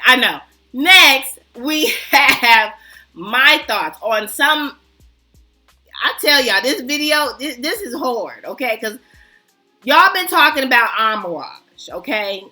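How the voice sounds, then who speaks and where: High bright-voiced woman chatting about perfume, animated, soft music playing. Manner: chatty, animated, self-mocking, addresses viewers as y'all. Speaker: fragrance vlogger. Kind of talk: casual chat to camera.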